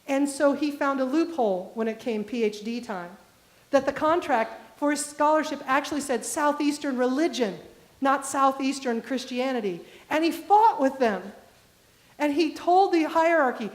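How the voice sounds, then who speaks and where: A woman's voice: high-pitched, moderate pace. A woman pastor from the American Midwest, preaching a conversational storytelling sermon and putting direct questions to the congregation. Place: church sanctuary. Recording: echoey church sanctuary.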